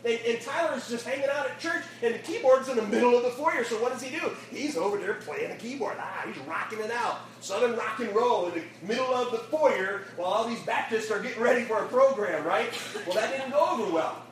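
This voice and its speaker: A man, a youth pastor, telling a lively story in a sermon and acting out the voices, laughing as he goes, then closing in prayer. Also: extremely high pitch, brisk, hardly any pauses, crowd noise. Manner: animated storyteller, acts out quotes, laughs often. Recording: echoey room, distant mic, audible noise.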